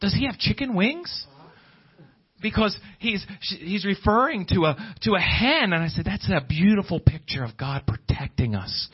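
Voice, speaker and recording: A man's voice: high-pitched, animated, moderate pace, few pauses, husky, highs cut off. A man preaching a sermon, often restarting his words and building in fervor. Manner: repetitive restarts, rising fervor.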